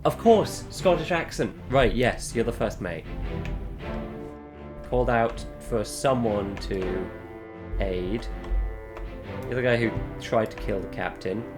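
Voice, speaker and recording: A young man's low voice, drawn out slowly as he reasons aloud through a puzzle game, swearing now and then. Faint music plays underneath the stream. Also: steady tone. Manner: muttering, swearing, puzzling things out. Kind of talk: thinking aloud while playing.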